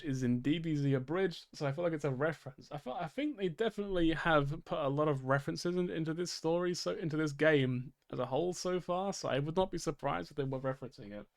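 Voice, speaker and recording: A man casually commenting on and reading lines from a visual novel demo, excitable, swearing and often stumbling over his words. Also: fairly high pitch, fast talker, gravelly, hardly any pauses. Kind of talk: casual let's-play commentary reading dialogue aloud. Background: game music.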